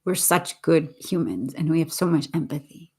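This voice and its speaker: A woman's voice: low-pitched, moderate pace, mellow, husky. A woman from Boston talking in a casual, earnest and rambling way, often restarting her sentences. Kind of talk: casual spoken reflection.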